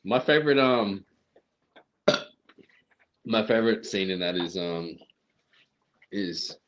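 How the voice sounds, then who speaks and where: A man's voice: deep voice, lively intonation, slow pace, dull audio, background noise. A man co-hosting a casual live stream, joking and swearing freely, talking through a headset mic. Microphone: headphones with mic.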